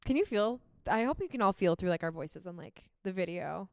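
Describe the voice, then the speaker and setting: A young woman speaks on a faith podcast, earnest and close to tears at times, filling her sentences with "um" and "like". Her voice is smooth and clean. The recording is dry, with no room sound. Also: on the low side, lively intonation, fairly quick, dry recording. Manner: heartfelt, emotional, many fillers like "um" and "like". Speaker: podcast co-host.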